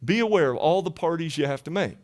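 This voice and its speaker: A man pastor preaching a lively, conversational sermon in church, often checking in with "right?". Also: fairly high pitch, fast. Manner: animated, conversational preaching with frequent "right?" tags. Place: church sanctuary.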